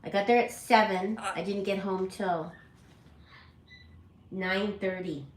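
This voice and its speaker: On a laid-back home livestream, the woman behind a parrot channel chats with her audience, wandering off topic and fixing her own words. Her medium-pitched voice stays steady at a slow pace. Audio quality is low, with noticeable reverb.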